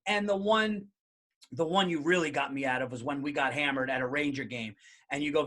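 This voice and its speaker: A man hosting a casual podcast chat, telling stories sheepishly and often dropping to a hushed voice. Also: fairly high pitch, brisk. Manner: sheepish storyteller, drops to a hushed voice. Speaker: podcast host.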